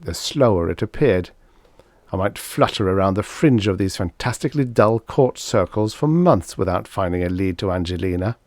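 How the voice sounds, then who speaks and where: A man narrating an audiobook in a sardonic, knowing tone. His voice sits on the low side and is recorded dry and close. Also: darkish tone, dry recording. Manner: wry, sardonic first-person storytelling.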